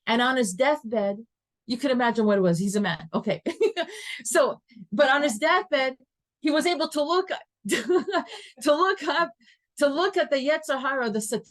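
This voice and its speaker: A woman with a slightly high voice, teaching a class in an animated storytelling style. She laughs easily, leans into her stories and mixes Hebrew terms into her talk. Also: moderate pace. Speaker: Torah teacher. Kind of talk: lively class lecture. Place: classroom with students.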